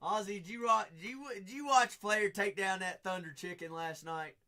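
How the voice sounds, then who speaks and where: Upbeat American man with a bright, forceful voice, running a live sales break with repetitive hype patter. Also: high voice, normal speed. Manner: upbeat hype, repeating phrases, chatting with viewers. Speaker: card break host.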